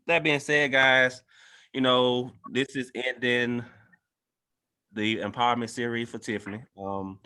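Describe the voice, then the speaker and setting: A man's voice: fairly low pitch, bright, forceful tone. A man guest-hosting a podcast, talking in an earnest, loose and conversational way. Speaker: guest host. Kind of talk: casual podcast discussion.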